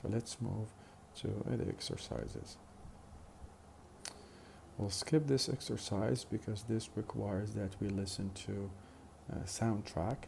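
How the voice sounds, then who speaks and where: Slow, gravelly-voiced male lecturer. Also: on the low side, lively intonation, a little mellow, a little hiss or hum. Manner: slow, methodical, with frequent uh fillers and repeated examples. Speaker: phonetics lecturer. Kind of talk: recorded lecture.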